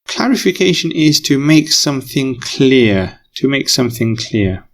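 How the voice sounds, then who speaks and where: Male English teacher, patient, repeats himself, gravelly mid-pitched voice. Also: sing-song, measured pace, a little hiss or hum. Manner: patient, repeats key phrases. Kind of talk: recorded lesson explanation.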